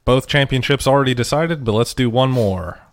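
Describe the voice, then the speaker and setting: A man's voice: medium pitch, a little fast, no room sound. A man co-hosting a podcast in casual chat, loose and talkative, swearing freely. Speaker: podcast co-host.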